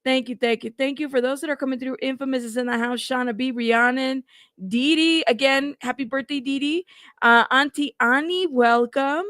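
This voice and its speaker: Brief: high-voiced woman host, bubbly, greets her chat, dry close mic. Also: moderate pace, no room sound. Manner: bubbly, shouting out chat members by name. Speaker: livestream host. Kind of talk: casual livestream chat. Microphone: plug-in mic at a computer.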